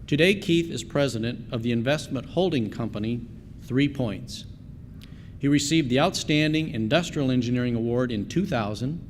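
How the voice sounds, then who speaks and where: A man reading a formal, scripted introduction before presenting an award. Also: medium pitch. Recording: reverberant hall with faint noise.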